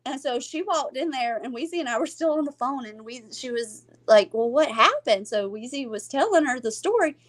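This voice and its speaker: With a high voice, a moderate pace and few pauses, a middle-aged podcast co-host tells a family story in casual conversation. She animatedly acts out the quoted voices of those involved and laughs a lot.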